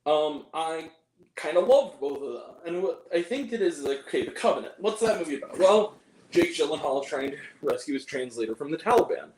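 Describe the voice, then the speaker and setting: A high-pitched man gives a casual, exasperated movie review. He jumps into mocking impressions of the characters, then back into his rant. His voice rings in a roomy, echoey space. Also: lively intonation, fairly quick, a little mellow. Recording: roomy echo.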